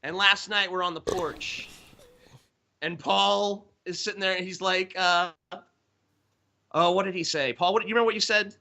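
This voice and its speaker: A man's voice: high voice, steady tone, moderate pace, gravelly, pauses often, sharp tone. A man co-hosting a podcast, casually telling a story full of swearing and stifled laughter over a remote call. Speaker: podcast co-host. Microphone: remote call that drops out.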